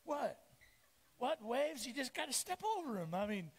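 A male pastor preaching a lively sermon to his congregation, acting out the voices of the disciples and Jesus. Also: very high-pitched, normal speed, slightly rough. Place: church sanctuary. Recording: echoey church hall.

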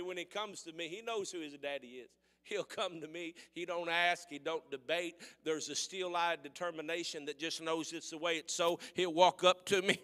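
A man with a Missouri accent preaching a sermon in folksy rural speech, swinging from quiet storytelling to shouted preaching. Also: on the high side, steady tone, normal speed, hardly any pauses, long reverb tail.

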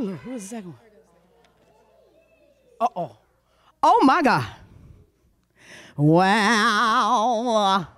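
A woman hosting a congregation youth talent show, cheerfully calling up children and handing out awards, speaking. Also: high-pitched. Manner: animated, cheering, calls out names. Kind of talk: lively emcee handing out awards. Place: congregation hall.

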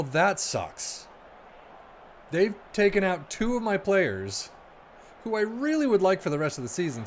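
A young man giving casual, excitable commentary over a football management game, muttering asides and then yelping at near misses. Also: a little high, noisy background. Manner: excitable, swings from mumbling asides to sudden yelps. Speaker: gaming video creator.

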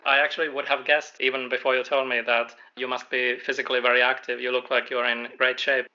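Male podcast host, flat delivery, bright tone, muffled audio. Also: medium pitch, quick pace. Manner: even, curious questioning. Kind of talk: interview questions.

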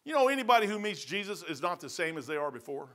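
Bright-voiced older pastor preaching. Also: male voice, high voice, big pitch swings, quick pace. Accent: Midwestern American. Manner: folksy, emphatic preaching with repeated phrases. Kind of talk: sermon.

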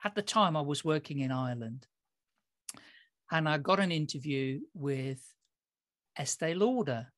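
A man's voice: fairly high pitch, animated, measured pace, pauses often, a bit bright, no echo, clean studio sound. A middle-aged man from the Netherlands, hosting a podcast and telling stories in a chatty way, laughing often. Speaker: podcast host. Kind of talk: casual interview chat.

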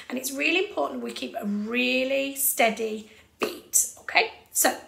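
Woman music teacher for kids, fairly high, bright tone, patient and rhythmic, echoey room. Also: normal speed. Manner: clear, patient, rhythmic instruction. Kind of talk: children's music lesson.

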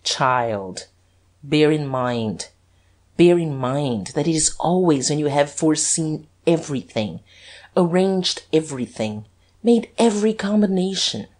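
A woman reading the lines of a cold, commanding gentleman thief posing as a duke, jeering and menacing. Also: sing-song, a little slow, full character voice. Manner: jeering, menacing, deep and compelling.

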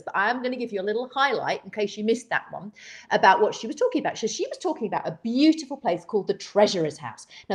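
A woman co-hosting a casual chat show, chatty and theatrical. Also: mid-range voice. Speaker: co-host.

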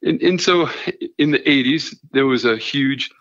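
A middle-aged man telling stories in casual chat, halting and full of restarts, with a self-deprecating manner. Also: medium pitch, a bit bright, no echo. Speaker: guest comedian and veterinarian. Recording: dull lo-fi sound.

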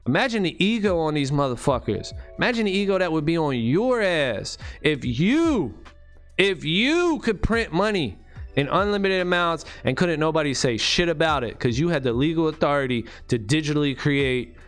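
A man rants in a casual vlog monologue, swearing heavily and using street slang. His voice sits somewhat high and he leans hard on his words. Faint music plays in the background. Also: very animated, normal speed, fairly bright tone. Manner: profane, emphatic, street slang. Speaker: vlogger.

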